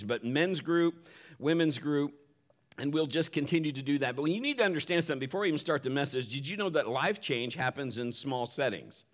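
A man pastor giving a folksy, joking sermon and church announcements on a live stream. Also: mid-range voice. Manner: folksy, upbeat, joking, with many restarts.

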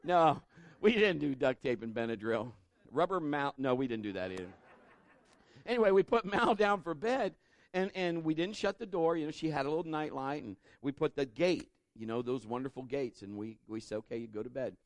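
A man's voice: a little high, moderate pace. A middle-aged man preaching a sermon, telling a family story and acting out the voices in it. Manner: animated, acts out voices in his stories.

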